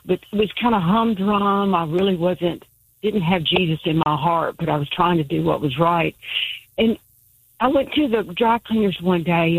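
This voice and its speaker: Husky, creaky-voiced woman caller. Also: mid-range voice, no room sound, low-quality recording. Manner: halting, searching for words. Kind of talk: telling a personal story on air.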